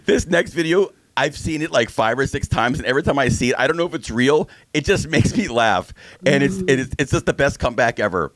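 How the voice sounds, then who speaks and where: A man's voice: mid-range voice, expressive, a little fast, fairly bright tone, no room sound. Teasing podcast co-host man, dry sound. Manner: joking, teasing, restarts a lot. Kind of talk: casual chat.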